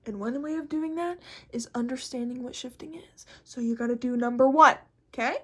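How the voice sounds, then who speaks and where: A woman's voice: sits high, fairly quick, husky. A woman hosting a casual vlog, talking bluntly and animatedly and swearing constantly. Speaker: host.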